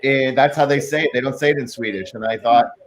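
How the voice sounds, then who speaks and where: A man's voice: mid-range voice, quick pace, a little hiss or hum. A man, a guest songwriter, telling his story in an earnest, rambling way.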